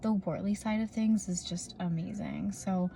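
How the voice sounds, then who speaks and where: A young adult woman records a casual vlog on a phone propped up in her parked car, speaking at a moderate pace in a steady, dark, medium-pitched voice with vocal fry. A little background noise is audible, and her talk meanders with fillers and restarts.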